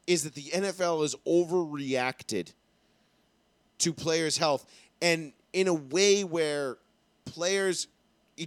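Young male co-host, raised pitch, crude and lively, dry close sound. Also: no echo. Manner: profane, animated storytelling. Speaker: podcast co-host. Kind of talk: casual chat.

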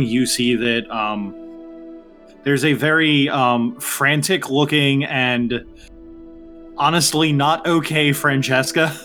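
A man narrating a tabletop game as game master, chatty and relaxed, with many fillers. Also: a little high.

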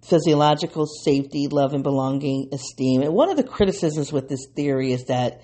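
A woman hosting an unscripted solo podcast, talking in an excitable, rambling way and laughing often. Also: fairly quick. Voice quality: low, gravelly and husky. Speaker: podcast host.

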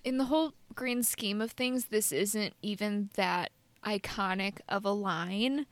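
A woman's voice: medium pitch, unhurried, dry recording. A young woman co-hosting a podcast, telling stories in a rambling, self-deprecating way. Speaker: podcast co-host. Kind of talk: casual chat.

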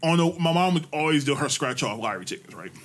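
A fast-talking man, a podcast co-host, tells family stories in casual chat, full of profanity and slang. He's animated, restarts his sentences and laughs through his own punchlines with loud, high bursts.

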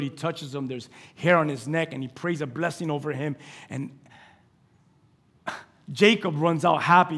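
A male pastor preaching a sermon, telling scripture stories with animated acted-out dialogue, swinging between loud exclamations and hushed asides. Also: on the high side, moderate pace. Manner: animated storytelling, acting out scripture scenes.

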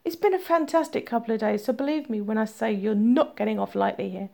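A woman reading the lines of a hurt, indignant young woman who answers with sarcasm, in a slightly gravelly voice. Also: on the high side, fairly even intonation, a little fast, mellow. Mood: angry. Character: hurt, sharp-tongued young woman, girlfriend.

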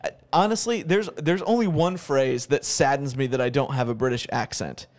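Chatty American man telling anecdotes. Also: mid-range voice. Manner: chatty, tells anecdotes with quick asides. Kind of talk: casual chat.

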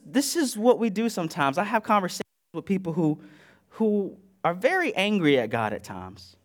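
A man preaching a sermon in a church, talking in a conversational way and acting out the voices he quotes, swinging between loud and soft. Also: a little high. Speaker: pastor. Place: church sanctuary.

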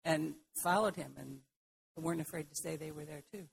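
A woman's voice: sits low, moderate pace, vocal fry, a little hiss or hum, poor audio. A woman in a church group sharing a reflective observation about the reading. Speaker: congregation member.

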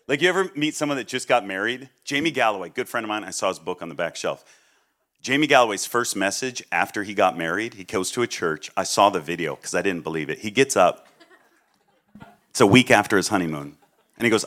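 Bright-voiced, animated male preacher. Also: quick pace. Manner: animated, jokey, acts out quoted people; drops to a low, quiet voice for serious points. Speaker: guest preacher. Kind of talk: sermon.

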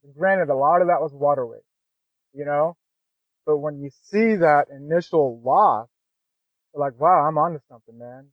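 A man's voice: a little high, dry recording. A man as a podcast guest, telling his own story in a candid, conversational way and often adding "man" and "you know". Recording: dry, phone-like narrow sound.

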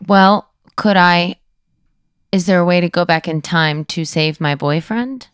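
A woman with a deep, smooth voice plays along as a guest, giving short, quiet answers. The sound is close and dry. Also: unhurried, no room sound. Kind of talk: casual chat.

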